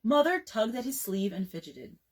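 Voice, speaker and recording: A woman librarian reading a bedtime story aloud in an expressive, storytelling way. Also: on the high side, normal speed, rough recording.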